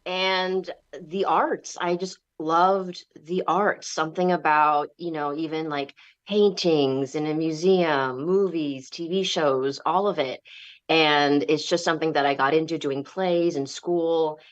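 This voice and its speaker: A woman's voice: sits low, steady tone, slow, dull audio. A woman from Los Angeles, a guest actress answering interview questions in a friendly, chatty way. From Los Angeles, USA. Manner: friendly and chatty, with many fillers and restarts.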